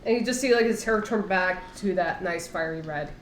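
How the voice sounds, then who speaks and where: A woman's voice: lowish voice, normal speed. Chatty woman narrating, echoey room. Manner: loose, uses many fillers. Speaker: tabletop player describing her character. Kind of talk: casual descriptive narration. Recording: echoey room with faint noise.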